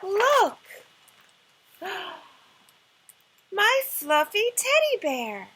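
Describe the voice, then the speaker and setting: A woman's voice: high voice, sing-song, a little slow, voice pushed up. A woman voicing a kind, determined young princess in a picture book, speaking in an eager, encouraging way.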